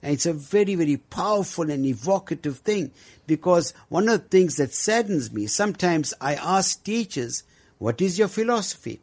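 A man speaking as a guest about education, earnest and measured, with frequent pauses. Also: a little high, animated, darkish tone. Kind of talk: discussion on education.

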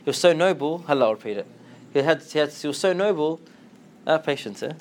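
A man giving an animated Islamic lecture, slipping into Arabic phrases and acting out quotes in a lower voice. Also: fast, slight background noise. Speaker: Islamic teacher. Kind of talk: lively lecture to students.

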